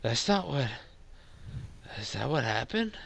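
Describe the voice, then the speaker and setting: A man's voice: mid-range voice, big pitch swings, takes it slowly, vocal fry, a bit bright, slight background noise, exaggerated voice. A man voicing a dazed, stubborn old man who has been knocked on the head, stammering and confused.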